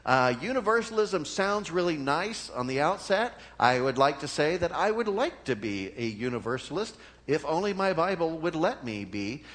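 This sermon comes from a middle-aged male pastor whose earnest, conversational style moves between emphatic raised peaks and soft, low asides. He often checks in with the people listening.

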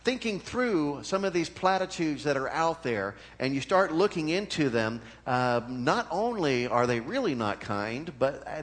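A middle-aged man preaching a sermon as pastor, earnest and conversational, rising to emphatic peaks and dropping to quiet asides, often checking in with the congregation. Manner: swings between raised emphatic peaks and low, quiet asides.

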